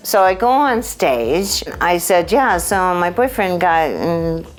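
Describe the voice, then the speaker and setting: A woman's voice: medium pitch, takes it slowly, few pauses, soft background music, poor audio. A woman stand-up comic telling an anecdote in an interview, acting out the lines of the people in it. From Canada. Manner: animated, acts out dialogue.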